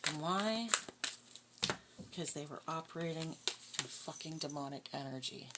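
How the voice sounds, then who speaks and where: Low-voiced woman, blunt tarot reader. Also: normal speed, very noisy. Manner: blunt, profane, scornful. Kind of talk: casual tarot reading.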